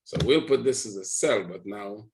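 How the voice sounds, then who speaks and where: A man with a somewhat low voice leads a live trading session, talking viewers through his charts. He rambles a little as he thinks aloud. He keeps checking in with his audience as he goes. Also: moderate pace, darkish tone, rough recording. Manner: rambling, talks to viewers with frequent "right?". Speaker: trading educator.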